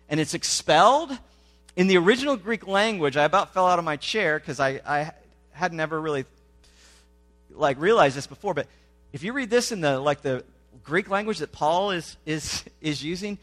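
A man preaching a sermon in a conversational way, often checking in with his listeners and swinging between loud emphasis and quiet asides. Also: on the high side. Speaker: pastor.

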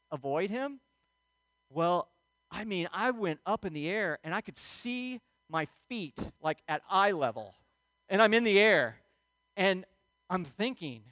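A middle-aged male pastor telling a personal story in a sermon, animated and acting out moments, often checking in with "okay?". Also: high voice, no room sound. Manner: animated storyteller, acts out yelling, frequent "okay?" check-ins.

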